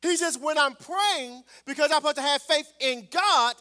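High, bright-voiced preaching pastor. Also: male voice, moderate pace. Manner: call-and-response preaching, swells loud on scripture. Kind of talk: preaching a sermon.

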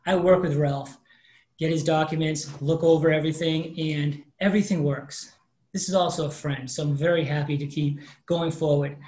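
A man's voice: on the high side, normal speed. A man in his fifties shares a personal story as a guest in an interview. He tells it with energy and acts out the people he quotes. His voice carries a roomy echo. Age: 50s. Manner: animated storyteller acting out quoted dialogue. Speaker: mortgage professional guest.

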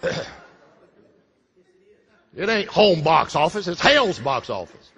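A man preaching a fervent sermon, repeating lines and swinging from loud bursts to hushed drops. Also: on the high side, sing-song, takes it slowly, breathy edge. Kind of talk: Pentecostal-style sermon. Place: church sanctuary. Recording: reverberant church hall.

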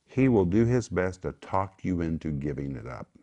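A man's voice: low voice, very animated, moderate pace, dark tone, muffled recording. A man preaching in an emphatic sermon style, explaining scripture and rising sharply on key words. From United States. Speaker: pastor. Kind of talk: sermon-style Bible teaching.

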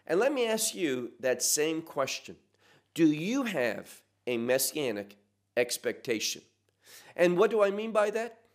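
Slow, animated male preacher. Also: on the high side. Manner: earnest, emphatic, rhetorical questions. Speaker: pastor. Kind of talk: expository Bible teaching.

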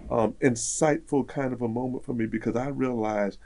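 A man's voice: mid-range voice, normal speed. A man telling a personal story in casual conversation, acting out the voices of people in it. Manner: animated, acts out quoted dialogue.

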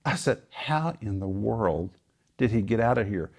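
A middle-aged man hosting a casual chat, telling stories with rising excitement. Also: lowish voice, unhurried, gravelly. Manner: animated storyteller, voice rising with excitement. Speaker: host.

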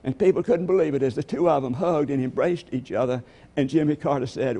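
A man delivers a sermon from the pulpit, weaving stories together with rhetorical questions aimed at the congregation. His voice is gravelly and a little husky. The overall tone sits dark and mellow. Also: medium pitch, a little fast, few pauses. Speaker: pastor.

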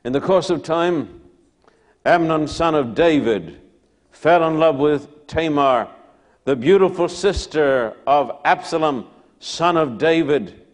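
A man preaching a sermon, retelling a Bible story dramatically, dropping to a hush and then rising loud again. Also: a little high, animated, slow pace.

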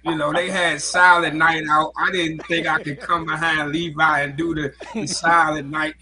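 A man's voice: fairly high pitch, flat delivery, moderate pace, crowd noise. A male host bantering in a casual interview, joking and playful.

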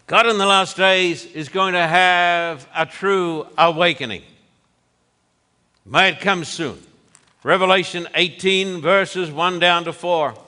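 High bright guy preaching slow and emphatic, long hall echo. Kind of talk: sermon.

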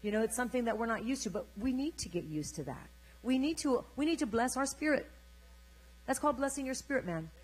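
An older woman preacher delivering an energetic sermon, urging the congregation to repeat her words. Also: on the high side, fast talker, low-quality recording.

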